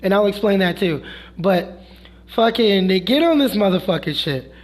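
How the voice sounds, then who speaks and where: High-voiced young man ranting about work. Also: normal speed. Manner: animated, profane, quotes others in his own voice. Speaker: streamer telling a story. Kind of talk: heated storytelling vlog.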